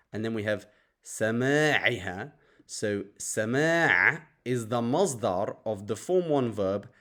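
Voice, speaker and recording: A man's voice: mid-range voice, a bit bright. A man teaching a grammar lesson, breaking example sentences down word by word with the occasional filler. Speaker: Arabic teacher.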